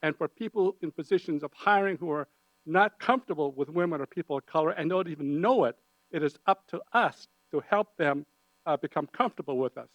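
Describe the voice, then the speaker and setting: A man speaking on a panel discussion, animated and engaging the audience with humor and questions. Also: a little high, a little fast, lo-fi sound. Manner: animated, audience-engaging, uses put-on voices for quoted people. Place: conference hall.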